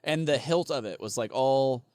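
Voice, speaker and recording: A man's voice: mid-range voice, moderate pace, a little mellow, clean tone, no echo, studio quality. A man co-hosting a casual podcast, rambling, laughing and swearing freely. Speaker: podcast co-host.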